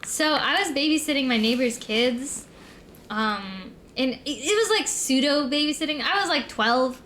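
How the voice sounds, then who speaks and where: High-voiced young woman rambling casually. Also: lively intonation, moderate pace, a bit bright, slight background noise. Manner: rambling, filler-heavy storytelling. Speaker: streamer. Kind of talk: casual chat.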